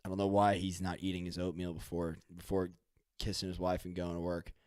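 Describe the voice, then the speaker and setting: Rambling, low-voiced male podcaster. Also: monotone, fairly quick, darkish tone, no room sound, studio quality. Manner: loose, rambling, swears casually, improvises stories. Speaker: podcast host. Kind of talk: rambling solo podcast monologue.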